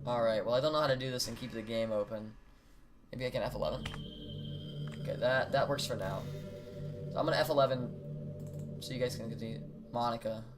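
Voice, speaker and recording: A young man streaming a video game, joking loudly and swearing at his chat. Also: mid-range voice, fairly quick, long pauses, over music. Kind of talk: casual game commentary.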